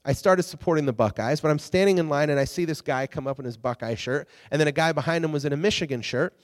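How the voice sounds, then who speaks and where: A slightly high-voiced man preaches in a loose, conversational way, restarting phrases and tossing in "okay?" to his listeners. His voice rings out with a long reverb, as if he is speaking in a large hall. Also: quick pace. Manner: animated and chatty, with frequent restarts and "okay?" check-ins. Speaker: preacher teaching a Bible lesson. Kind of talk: casual, conversational Bible teaching.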